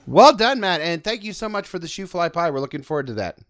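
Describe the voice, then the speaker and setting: A man's voice: on the high side, big pitch swings, fast talker, fairly bright tone. A man hosting a fan podcast, talking in an upbeat, teasing way. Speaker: podcast host. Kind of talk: casual podcast chat.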